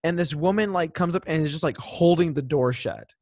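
A man's voice: fairly high pitch, fairly quick, dry recording, studio quality. A man co-hosting a podcast, telling stories in casual chat and acting out the people he quotes. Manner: animated storytelling, acts out quoted voices. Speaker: podcast co-host.

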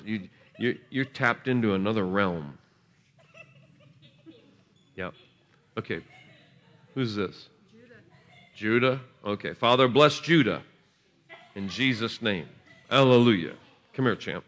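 A man preaching at a revival service in a church, laughing and shouting bursts, gentle with the children he blesses. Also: on the low side, unhurried, long pauses. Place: church sanctuary.

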